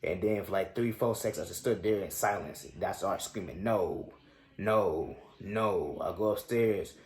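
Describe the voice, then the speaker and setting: A young man in his twenties with a somewhat low voice tells a personal story on his sports show. He talks casually and reflectively in loose slang, with plenty of fillers. The recording has a noticeable echo from the room. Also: fairly quick, darkish tone.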